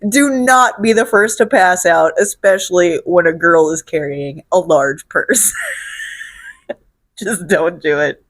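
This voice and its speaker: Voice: medium pitch, takes it slowly, a bit bright, no echo, studio quality. Blunt, profane host from Illinois. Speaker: show host. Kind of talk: casual solo question-and-answer vlog.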